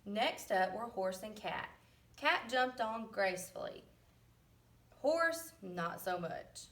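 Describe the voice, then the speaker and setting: An unhurried woman reads a farm picture book to young listeners and stops now and then to ask them questions. She jumps into bright, playful voices for the animals. She sits a little back from the microphone. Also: fairly high pitch, expressive, distant mic. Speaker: teacher reading aloud. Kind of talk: read-aloud storybook with questions.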